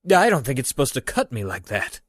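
A man voicing an eager, excitable young male yakuza in a storybook reading, pitched well above his own voice. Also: fairly quick, no echo, clean studio sound. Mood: flustered.

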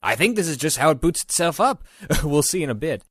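A man voicing an eager, excitable young male yakuza in a storybook reading, pitched well above his own voice. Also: a little fast, husky, dry recording, studio quality.

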